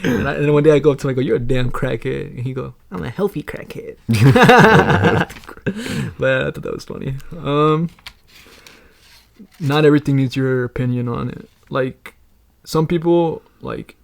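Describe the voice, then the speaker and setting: A man's voice: medium pitch, moderate pace, gravelly. A young man co-hosting a casual podcast chat, telling rambling stories with lots of laughing and swearing. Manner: rambling storytelling, laughs often, swears a lot. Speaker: podcast co-host.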